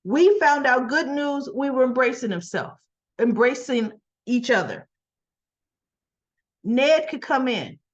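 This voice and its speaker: A woman's voice: sits high, lively intonation, slow pace, long pauses, highs cut off. A woman casually recapping a soap opera episode, opinionated and chatty, with frequent asides.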